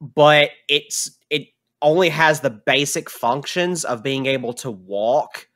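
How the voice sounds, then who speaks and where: A man's voice: a little high, slow pace. Casual man running a tabletop game. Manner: casual, relaxed explaining with fillers. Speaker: game master.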